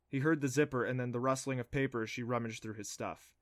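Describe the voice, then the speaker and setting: A man reading a children's novel aloud as an audiobook narrator, in steady storytelling. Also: medium pitch, quick pace, no echo, studio quality. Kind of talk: scripted narration.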